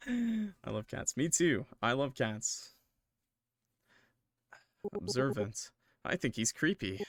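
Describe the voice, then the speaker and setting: A man's voice: mid-range voice, big pitch swings, slow pace, pauses often, a bit bright, dry recording, studio quality. Man reading a visual novel aloud. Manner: casual, jokey asides, laughs. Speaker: streamer.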